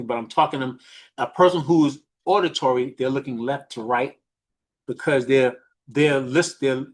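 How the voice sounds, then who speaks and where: A man from New York with a New York accent, a business mentor giving a fast, animated coaching talk on a group call, full of restarts and repeated questions. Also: fairly high pitch.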